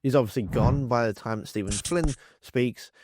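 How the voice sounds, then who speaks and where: A man's voice: medium pitch, normal speed, a little mellow, dry recording, studio quality. A man hosting a political commentary channel, telling the story in a wry, sarcastic way.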